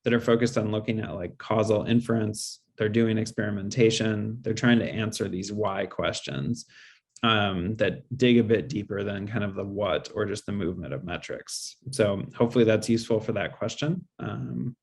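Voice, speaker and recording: A man speaker answering audience questions in a webinar, measured and explanatory, with frequent fillers. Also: on the low side, gravelly, slightly rough. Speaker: guest speaker.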